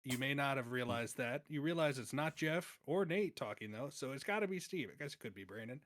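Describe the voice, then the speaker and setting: Animated, jokey male podcast host. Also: medium pitch, a little fast, dry recording, studio quality. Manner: animated, jokey, laughs often. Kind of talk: casual podcast chat.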